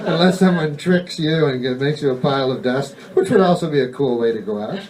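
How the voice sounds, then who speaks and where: Rambling deadpan stand-up comedian. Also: male voice, fairly high pitch, brisk, far from the mic. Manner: rambling, deadpan, profane, self-correcting. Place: live comedy stage.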